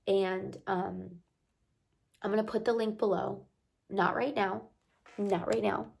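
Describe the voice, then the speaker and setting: Hoarse woman vlogger with a gravelly voice. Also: mid-range voice. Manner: chatty, warm-hearted encouragement with rambling asides. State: hoarse from crying. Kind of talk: casual motivational talk to camera.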